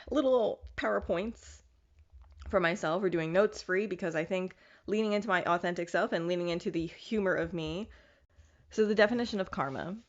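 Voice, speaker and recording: A young woman hosting a podcast, talking casually and candidly in a self-mocking, animated way. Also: on the low side. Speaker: podcast host. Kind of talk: casual solo monologue. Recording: dull lo-fi recording.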